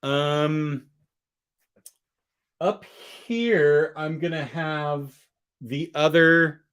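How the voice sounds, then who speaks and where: A comic book collector streams live from his apartment, sitting among bookshelves and chatting casually while he answers viewers' questions from the chat. He rambles, restarts often, and has the hiccups. His voice is on the high side, a bit bright, clear, and resonant, and he speaks extremely slowly.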